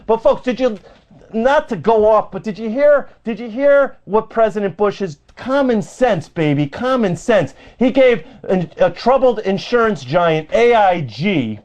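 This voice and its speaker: A man hosting his own radio show, loudly ranting and repeating himself as he greets callers. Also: high voice. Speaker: host of an independent internet radio show. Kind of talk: ranting political talk show. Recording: dull lo-fi home recording.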